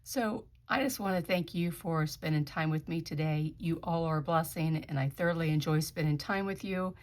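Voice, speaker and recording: A woman vlogging about budgeting, counting money aloud in a steady, gentle way and encouraging her viewers. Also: low-pitched, moderate pace. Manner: counts bills aloud softly, then gets emotional and encouraging. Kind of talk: casual budgeting vlog, counting cash.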